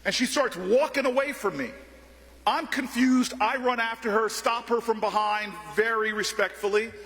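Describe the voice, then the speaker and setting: A man's voice: very high voice, normal speed, fairly bright tone. A man giving an impassioned speech at an event, telling stories with rhythmic repetition. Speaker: political speaker. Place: large event hall. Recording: long hall reverb.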